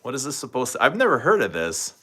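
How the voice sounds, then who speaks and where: A man's voice: medium pitch, huge pitch swings, fast, sharp tone, a little hiss or hum. A man hosting a casual live stream, chatting and thinking aloud as he unboxes and tries scents, talking to viewers by name. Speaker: livestream host reviewing fragrances.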